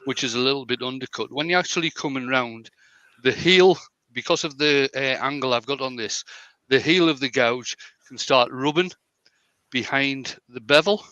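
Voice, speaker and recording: A man demonstrating bowl turning on a live stream, explaining the steps with pauses as he works. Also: medium pitch, bright, forceful tone, no room sound, lo-fi sound. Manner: explains step by step with pauses and fillers.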